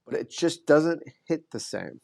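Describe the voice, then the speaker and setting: A man's voice: on the high side, lively intonation, a little slow, creaky, darkish tone, dry recording, studio quality. A man who is a podcast guest, in casual conversation, telling an earnest story with frequent restarts.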